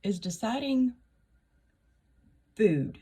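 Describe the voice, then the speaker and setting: A woman's voice: a little high, lively intonation, extremely slow, warm tone, breathy edge. A middle-aged woman, hosting her channel with a wry, chatty comedic monologue and laughing at her own jokes. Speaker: channel host.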